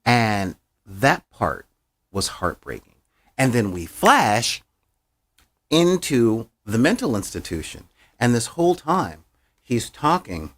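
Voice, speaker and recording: A man's voice: mid-range voice, big pitch swings, slow pace, long pauses, fairly bright tone. Heartfelt, slangy male podcast host. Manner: slangy, heartfelt, with frequent fillers. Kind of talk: casual recap chat.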